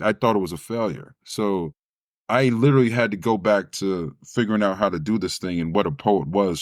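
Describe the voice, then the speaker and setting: A man's voice: lowish voice, no echo, studio quality. A man, a spoken word poet, telling a personal story in an interview and acting out the other people's voices as he goes. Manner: animated storyteller who acts out quoted voices.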